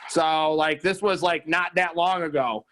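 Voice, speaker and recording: A man's voice: fairly high pitch, fairly even intonation, measured pace, fairly bright tone. A man co-hosting a casual podcast chat, talking in a loose, rambling way and swearing casually. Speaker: podcast co-host.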